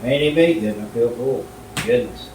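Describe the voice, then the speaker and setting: A middle-aged man, a vlogger, telling folksy stories in a laid-back, unhurried way while he cooks at home, away from the camera. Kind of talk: casual storytelling while cooking. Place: home kitchen. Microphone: camera left far from the speaker. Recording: roomy and distant, faint rumble.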